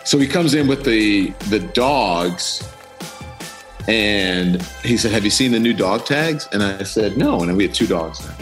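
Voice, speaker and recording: A man's voice: measured pace, soft background music. A middle-aged man telling a personal story as an interview guest, acting out what people said with big jumps in his voice. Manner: animated, acts out quotes with big pitch jumps. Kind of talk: casual storytelling.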